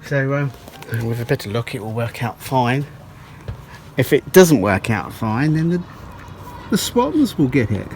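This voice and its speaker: A man's voice: mid-range voice, sing-song, measured pace, pauses often, a little mellow, a little hiss or hum. A man vlogging casually on a narrowboat, rambling and jokey with lots of fillers. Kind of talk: casual vlog chat.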